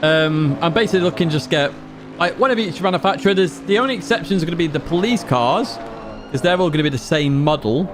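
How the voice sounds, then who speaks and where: A man's voice: on the high side, animated, quick pace, over music. A man from Blackpool, chatting casually and rambling while streaming a racing game and reading out chat. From Blackpool, England. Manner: chatty, rambling, reads out chat and laughs often. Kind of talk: casual livestream commentary. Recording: game engine noise behind.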